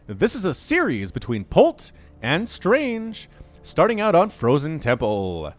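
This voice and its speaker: A man's voice: on the high side, wildly swooping pitch, measured pace, soft background music. A man doing upbeat, jokey solo commentary on a strategy video game, recorded close on a desk mic at home.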